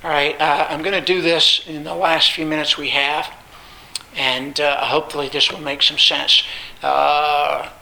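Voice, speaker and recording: A man teaching a Bible study lecture, stressing points with repetition and pausing often on filler sounds. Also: a little high, little pitch movement, creaky, pushed and bright, poor audio.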